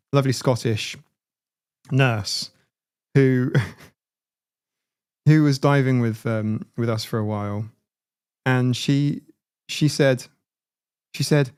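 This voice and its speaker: Gravelly, chatty man on a livestream. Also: mid-range voice, darkish tone. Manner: rambling, chatty, laughs often and restarts words. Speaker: livestream host. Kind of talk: casual chat on a livestream.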